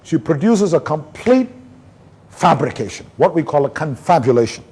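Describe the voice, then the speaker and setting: A man's voice: on the high side, moderate pace, slightly rough. A man from India giving a neurology conference lecture, telling case stories and acting out his talks with patients. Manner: animated storyteller, acts out doctor-patient dialogue.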